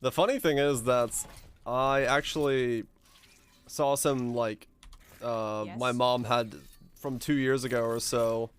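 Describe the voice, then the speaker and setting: A male streamer chatting casually with his viewers in a relaxed, rambling way, his deep voice supported from the diaphragm. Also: slow pace, clean tone, soft background music. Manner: rambling and relaxed, with frequent restarts.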